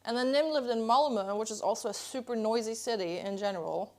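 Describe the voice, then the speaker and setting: A woman's voice: fairly high pitch, a little fast. A young woman streaming from her kitchen at home, chatting playfully and answering her chat. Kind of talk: casual live-stream chat.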